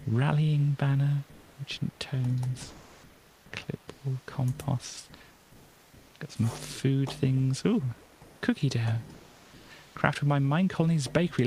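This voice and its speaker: A woman's voice: rumbling low, darkish tone, a little hiss or hum, low-quality recording. A woman streaming a game, chatting casually and giggling as she reads item names aloud. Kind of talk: casual gameplay chat.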